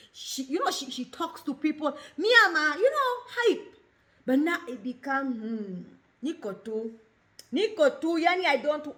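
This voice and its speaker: With a high voice and fairly bright tone, a Kenyan talk show host in her thirties delivers an open, expressive personal monologue. Her speech mixes Swahili with English.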